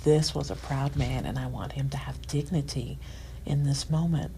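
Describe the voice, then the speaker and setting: A middle-aged woman with a low voice tells a personal story as a podcast guest. She speaks softly and lets her voice fall to almost a whisper at tender points. A faint hiss sits under the recording. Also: fairly even intonation, moderate pace, rough recording. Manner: soft-spoken, drops to near-whispers at tender moments.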